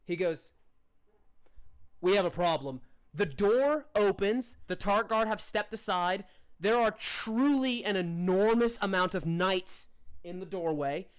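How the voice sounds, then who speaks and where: A man's voice: sits high, unhurried, clean tone. A man narrating as game master of a tabletop game, rambling and restarting often. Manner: rambling, many fillers and restarts.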